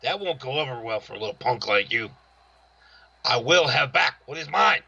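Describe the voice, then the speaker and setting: A man voicing a threatening veteran pro wrestler in a trash-talk promo, growling and shouting his threats. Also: medium pitch, lively intonation, normal speed, gravelly, husky, dry recording, highs cut off, heavily acted. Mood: menacing.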